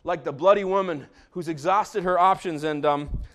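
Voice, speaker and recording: A man preaching a sermon as pastor in a church, swinging from hushed tones to shouting. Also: fairly high pitch, moderate pace. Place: church sanctuary.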